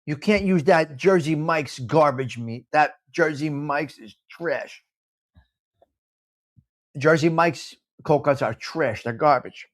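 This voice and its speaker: A New York-accented man hosts a casual live chat, blunt and full of opinions. He talks in an animated way, repeats himself for emphasis, and slips Italian phrases into his talk. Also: on the high side, takes it slowly. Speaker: live show host.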